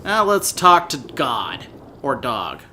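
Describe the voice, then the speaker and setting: A man's voice: medium pitch, sing-song, slow pace, sharp tone, slight background noise. A man hosting a let's play, doing playful mock-interview commentary with easy laughs and hesitant fillers.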